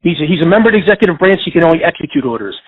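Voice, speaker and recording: A man's voice: fairly high pitch, lively intonation, rapid-fire, husky, no room sound. A man hosting a radio talk show, lecturing insistently and repeating his points. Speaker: radio host giving legal advice. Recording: dry phone-line sound.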